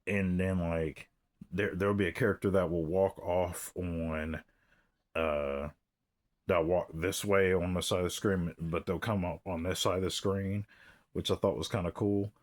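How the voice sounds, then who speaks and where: A man's voice: deep voice, steady tone, measured pace. A man giving a casual, rambling film review, hesitant and full of fillers and restarts. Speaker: movie reviewer.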